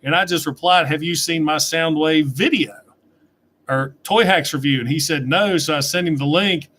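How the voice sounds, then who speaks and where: A man's voice: on the high side, moderate pace, fairly bright tone, slight background noise. A middle-aged man chatting casually on a livestream, reading out and answering viewer questions from his desk webcam. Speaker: toy reviewer answering live chat.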